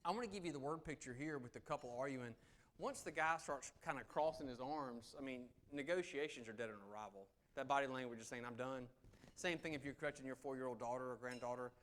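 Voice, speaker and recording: A middle-aged man giving a live negotiation seminar, swinging between loud emphasis and soft, low asides. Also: fast. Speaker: negotiation speaker. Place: meeting room with audience.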